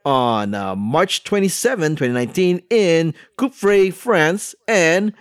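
A man's voice: fairly high pitch, expressive, measured pace, clear, resonant tone. A man hosting a podcast in casual chat, rambling with lots of fillers. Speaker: podcast host.

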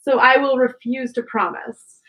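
Brief: playful woman co-host, slightly high, wisecracking, lo-fi mic with faint hiss. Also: steady tone, measured pace, fairly bright tone. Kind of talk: casual chat.

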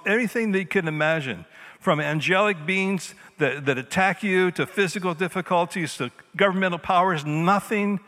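Man preaching in a reverberant church. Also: on the high side. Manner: dynamic preaching, swinging between loud emphasis and quiet intimacy. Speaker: pastor. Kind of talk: sermon. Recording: long hall reverb.

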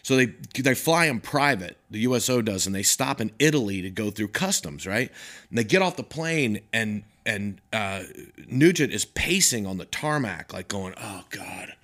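A man telling a story in casual chat, animated and full of sound effects and impressions. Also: lowish voice, moderate pace. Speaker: comedian podcast co-host.

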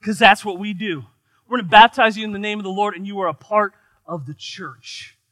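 A man from the United States preaching a sermon in an animated, joking, conversational way. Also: high voice, fairly quick, no echo. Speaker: pastor.

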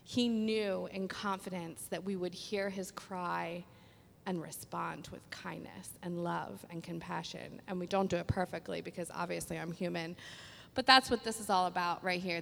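A woman's voice: mid-range voice, gravelly, fairly bright tone. A woman with a cold telling a personal story at a church service, chatty and self-deprecating, with ums. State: has a cold. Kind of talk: storytelling sermon. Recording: long echo of a hall.

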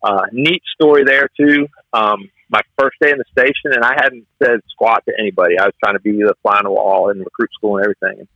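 Animated man spinning fire-station stories. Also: on the low side, fairly quick, hardly any pauses, no room sound, highs cut off. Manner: animated storyteller who acts out quotes. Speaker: fire officer guest. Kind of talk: conversational storytelling interview.

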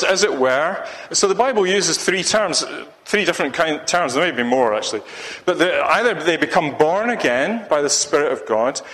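Preacher in a long-echoing hall. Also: male voice, fairly high pitch, fairly bright tone. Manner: rambling, with many restarts and fillers. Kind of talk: sermon.

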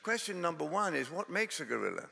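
A Scottish man preaches with a strongly gravelly, bright voice. He talks in a chatty, self-deprecating way, wandering into stories and jokes. The sound carries a long reverb from a church. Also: a little high, very animated, quick pace. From Scotland. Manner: conversational, self-deprecating, digressive. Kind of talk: sermon with humorous storytelling.

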